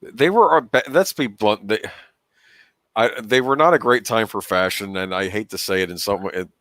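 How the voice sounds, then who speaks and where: A man's voice: lowish voice, normal speed, fairly bright tone, no room sound. A man chatting casually over a movie commentary, interjecting freely and laughing often. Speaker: film commentator.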